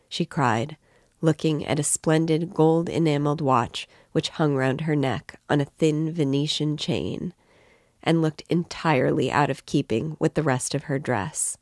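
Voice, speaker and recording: A woman reading a classic novel aloud in an even, clear storytelling manner. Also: low-pitched, unhurried, no echo, studio quality. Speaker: reader of a novel.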